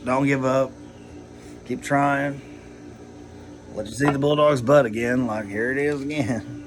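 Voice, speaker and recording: A man's voice: medium pitch, fairly even intonation, a little slow. Guy ranting on his vlog, cusses a lot, says like every other word, a little hiss behind him. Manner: rambling, profane, heated, lots of "like" and "you know". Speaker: vlogger. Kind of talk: rambling personal vlog.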